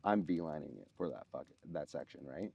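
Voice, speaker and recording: A man co-hosting a podcast, telling a personal story in casual chat, often halting and restarting mid-sentence. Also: extremely low pitch, lively intonation, creaky, mellow, dry recording, highs cut off.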